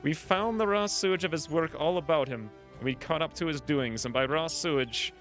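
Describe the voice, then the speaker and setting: A man's voice: a little high, normal speed, a bit bright, faint music behind, natural voice. A man voicing a drunk bearded village stooge in a boisterous, slurred rustic drawl while reading a game event aloud. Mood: rowdy. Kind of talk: let's play character reading.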